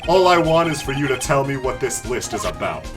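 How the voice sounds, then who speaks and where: A man's voice: medium pitch, sing-song, fairly quick, recorded from a distance, close to an everyday voice. A man voicing a pompous, indignant and self-important male witness, with game music behind.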